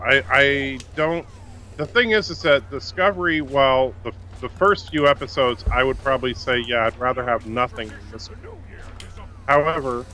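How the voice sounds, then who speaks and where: A man's voice: mid-range voice, bright, forceful tone, a little hiss or hum. A man co-hosting a game stream, talking casually in a hesitant way with dry remarks. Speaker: co-host. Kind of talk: casual chat while gaming.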